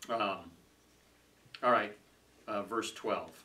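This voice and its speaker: A man leading a casual Bible study group, talking conversationally, laughing easily and trailing off softly. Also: fairly low pitch, slow. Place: small room with a group. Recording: distant mic with faint room noise.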